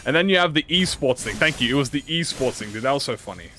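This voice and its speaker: A man's voice: medium pitch, animated, quick pace, sharp tone, faint music behind. A man with an Australian accent, chatting casually on a livestream, rambling and swearing while reacting to chat. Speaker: streamer.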